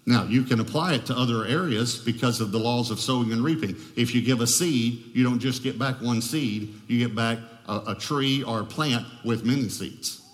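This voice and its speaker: A man's voice: mid-range voice, normal speed, hardly any pauses. Emphatic male pastor in a reverberant hall. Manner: emphatic, repeats key phrases, questions the congregation. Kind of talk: sermon.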